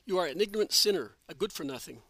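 A reproachful old woman scolds her son-in-law without pause, read by a man. The tone is bright and forceful and slightly raised in pitch. It sounds dry and close. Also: no echo, close to an everyday voice. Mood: scolding. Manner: nagging, reproachful. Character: old scolding mother-in-law, sharp-tongued.

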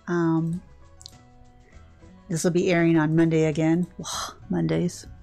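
An older woman with a gravelly, creaky voice talks casually over gameplay. She rambles along, cutting herself off mid-thought and starting over. Soft music plays faintly behind her. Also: sits low, flat delivery, slow pace. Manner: chatty, rambling, self-interrupting. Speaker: gaming channel host.

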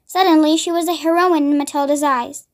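A woman reading a children's novel aloud, steady and clear. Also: high voice, brisk. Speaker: storybook reader.

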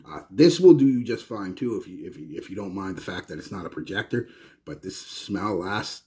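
Low husky-voiced Canadian man. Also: lively intonation, fairly quick, warm tone. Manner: rambling and chatty, with frequent restarts. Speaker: fragrance reviewer. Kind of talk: casual chat to viewers.

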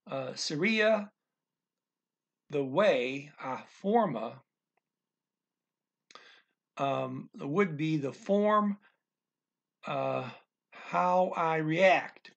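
A man teaching a language in a casual, thinking-aloud way, reading phrases slowly and restarting often. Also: a little high, gravelly, dull audio. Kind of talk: casual explanatory lesson.

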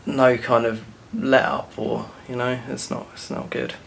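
A man's voice: medium pitch, little pitch movement, a little slow, vocal fry, a little hiss or hum. A man co-hosting a casual chat vlog, throwing in dry, sarcastic asides. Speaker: vlog co-host.

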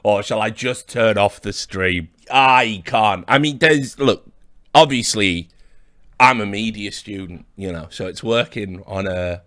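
A man's voice: on the low side, unhurried, pushed and bright, dry recording. A man hosting a livestream, mocking and rambling in a dry, sardonic way with chuckles. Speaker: livestream host.

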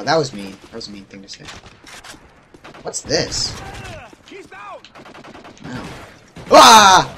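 A young man giving casual, jokey gameplay commentary who yelps and shouts when something startles him. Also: mid-range voice, a little hiss or hum. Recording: loud game gunfire behind voice. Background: gunfire and explosions from the game.

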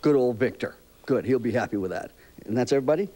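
Husky older man chatting with kids. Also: mid-range voice, animated, fast, mellow. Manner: chatty, rambling, fatherly with children. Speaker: children's TV show host. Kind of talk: gentle interview with young kids.

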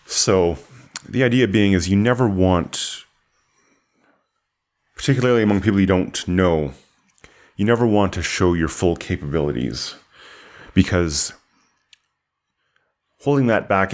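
Deep-voiced man talking casually. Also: measured pace, pauses often, a little mellow. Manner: earnest, agreeable. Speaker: podcast co-host. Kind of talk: casual discussion.

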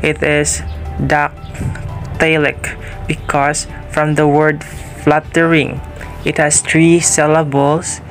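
A young man giving a student class presentation, explaining poetic meter in a slow, careful, read-out way. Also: on the high side, gravelly, fairly bright tone.

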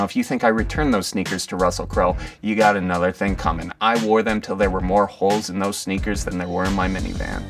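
A man, telling a comic story in a folksy, animated way. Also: fairly low pitch, distant mic. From Wisconsin. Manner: animated, folksy, acts out quotes. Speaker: storyteller comedian.

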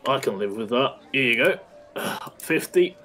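A man's voice: mid-range voice, expressive, measured pace, fairly bright tone. A man playing a tabletop game, talking hesitantly, with many fillers and friendly asides. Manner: hesitant, full of fillers, says mate. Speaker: player. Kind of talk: casual tabletop roleplay.

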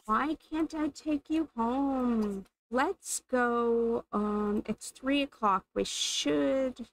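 Woman gamer, unhurried chatty play-by-play, some vocal fry. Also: lowish voice, fairly bright tone, rough recording. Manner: chatty, amused, thinking aloud while playing. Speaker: gaming channel host. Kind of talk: casual gameplay commentary.

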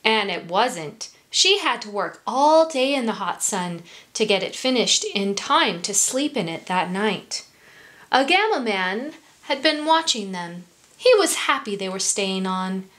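A woman reading a picture book aloud to children, gentle, with hushed asides. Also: medium pitch, very animated, measured pace. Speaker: storyteller for children.

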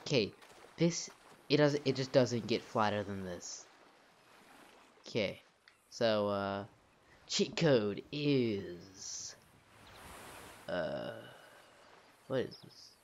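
A man's voice: on the low side, expressive, drawn-out words, long pauses, slight background noise. A young man casually commenting while he plays a video game, narrating his own moves and swearing at the game when things go wrong. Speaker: gameplay commentator. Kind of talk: casual let's-play commentary. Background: game music.

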